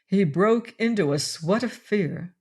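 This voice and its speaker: A woman narrating an audiobook of a classic adventure novel in a steady storytelling read. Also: medium pitch, a little slow, breathy edge. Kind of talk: scripted narration.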